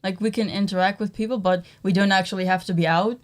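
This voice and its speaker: A woman with an American accent co-hosting a casual livestream from home, soft-spoken and agreeable. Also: medium pitch, steady tone, quick pace. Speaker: co-host.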